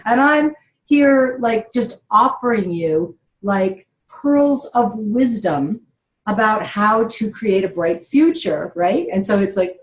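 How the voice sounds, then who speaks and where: A woman's voice: medium pitch, lively intonation, slow. A middle-aged woman giving an earnest, emotional motivational talk, telling a personal story and laughing now and then. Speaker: inspirational speaker. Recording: roomy echo.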